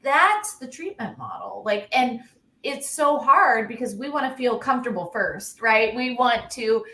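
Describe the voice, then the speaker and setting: A woman's voice: on the high side, animated, measured pace, pushed and bright. A woman speaking as an expert panelist in a casual discussion, emphatic, with many rhetorical questions and frequent "like". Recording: roomy echo.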